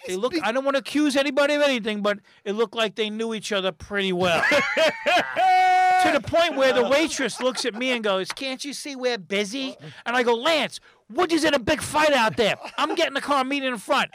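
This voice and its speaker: A middle-aged man telling a comedy-club story in casual chat, animated and rambling, acting out the voices of the people in it. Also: very high-pitched, brisk, heavy background noise. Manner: animated, acts out quotes and voices, rambling restarts.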